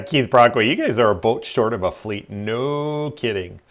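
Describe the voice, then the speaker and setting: A man's voice: mid-range voice, expressive, unhurried. A man chatting casually during a game stream, laughing often and muttering asides. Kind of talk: casual gaming chat.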